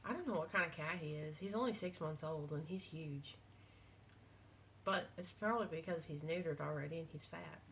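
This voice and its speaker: A woman's voice: low voice, moderate pace, a bit bright, slight background noise. A woman, a quilting vlogger chatting casually at home, rambling with many fillers and restarts. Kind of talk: casual chat. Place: home with cats.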